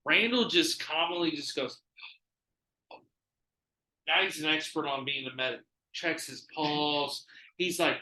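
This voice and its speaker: A man hosting a podcast, telling stories in casual chat, animated and full of swearing. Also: on the high side, unhurried, long pauses, echoey room, low-quality recording. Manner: animated, profane storytelling. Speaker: podcast host.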